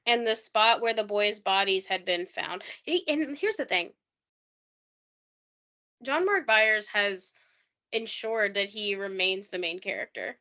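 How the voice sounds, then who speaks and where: A woman's voice: medium pitch, a little slow, bright, forceful tone, muffled recording. A woman co-hosting a casual true-crime podcast, chatting loosely with lots of "like" and reading quotes aloud. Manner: chatty, heavy use of "like", reads quotes aloud. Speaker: podcast co-host.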